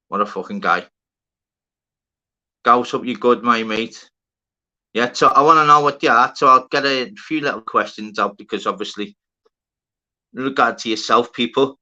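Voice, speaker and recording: A man's voice: medium pitch, bright, forceful tone, muffled recording. A man hosting a livestream, bantering casually with viewers, swearing freely and greeting them by name. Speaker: livestream host. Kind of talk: casual live-chat banter.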